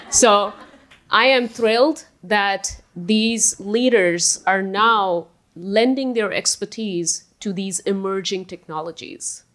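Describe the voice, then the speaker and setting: A woman's voice: medium pitch, slow pace, fairly bright tone. A woman on a conference panel, laying out her points in order and making announcements. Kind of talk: panel discussion.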